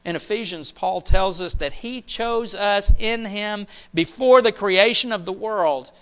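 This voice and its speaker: A man preaching a sermon, animated, repeating phrases and dropping almost to a whisper for emphasis. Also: sits high, a little slow. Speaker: pastor.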